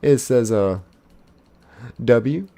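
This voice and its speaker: A man streaming a game live, casually reading his chat's messages aloud in a playful, excitable way. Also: mid-range voice. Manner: reads chat messages aloud in quick succession, playful and excitable; casual, uses "y'all". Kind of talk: live gaming stream chat.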